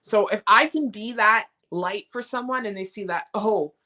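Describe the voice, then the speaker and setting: A middle-aged woman with a bright, forceful voice hosts a casual live stream, talking straight to her viewers. She greets people by name and answers their comments warmly and with encouragement. Her voice is picked up by a plain webcam or phone mic. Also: mid-range voice, normal speed. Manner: warm, encouraging, reads chat comments aloud.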